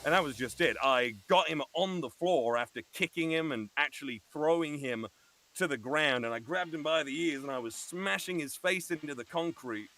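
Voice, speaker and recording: A man from England with a Birmingham accent tells a long, animated story with plenty of swearing and acts out the voices of the people in it. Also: a little high, normal speed, faint music behind. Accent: Birmingham English. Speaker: guest telling a story. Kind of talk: animated storytelling on a live stream. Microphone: video call or streaming mic.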